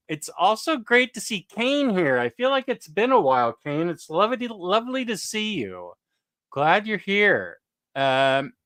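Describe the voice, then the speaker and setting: Bright, slow-talking male stream host. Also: sits high, smooth, dry recording, clean studio sound. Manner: laughs often, loose and chatty. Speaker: livestream host. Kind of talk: casual chat.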